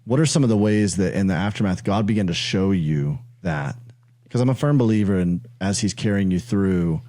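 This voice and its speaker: Low mellow guy hosting a faith chat, calm, reflective, dry room. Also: brisk, no echo. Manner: calm, reflective, gentle questions. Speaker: host. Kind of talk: faith interview, reflective questions.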